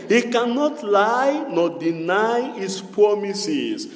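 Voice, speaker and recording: A male pastor delivers an unhurried call-and-response sermon in a high, animated pitch. His preaching is repetitive with a sing-song cadence, and the church hall adds a long, echoing reverb.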